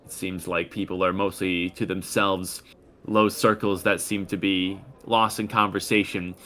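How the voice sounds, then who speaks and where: A man running a tabletop game, narrating the story in a measured, descriptive way with occasional pauses. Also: low voice, little pitch movement, sharp tone. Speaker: game master.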